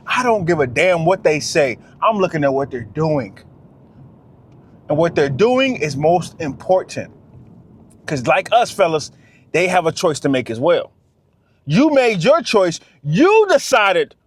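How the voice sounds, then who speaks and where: A man delivers a fired-up monologue to camera. His voice sits high for a man, and he hammers his points home again and again, calling out to his listeners as fellas. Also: expressive, normal speed, slight background noise. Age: 30s. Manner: preachy, repetitive, talks straight to "fellas". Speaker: vlogger.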